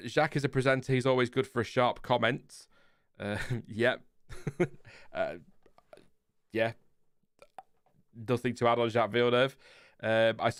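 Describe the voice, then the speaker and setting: Lincolnshire guy chatting on a stream, calm flat voice, rambly, dry close mic. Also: mid-range voice, smooth, no room sound. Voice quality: calm, fairly flat intonation. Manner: chatty, rambling, laughs often, trails off. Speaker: livestream host. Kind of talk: casual chat reading live comments.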